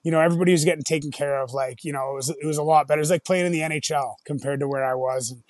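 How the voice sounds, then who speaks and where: A man's voice: fairly high pitch, steady tone, very fast, dry recording. A middle-aged man, a former hockey player, telling road-trip stories in a rambling, casual way, full of "like" and "you know", swearing and then apologizing. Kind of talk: casual storytelling.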